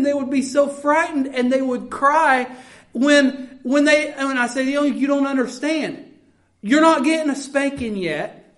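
A middle-aged woman preacher delivering a sermon, reading scripture aloud and then explaining it in plain, earnest talk. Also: high voice.

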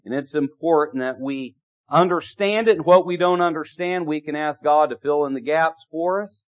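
A man's voice: on the high side, normal speed. A man preaching a sermon, repeating key phrases and asking the congregation rhetorical questions. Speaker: pastor. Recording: dull lo-fi recording.

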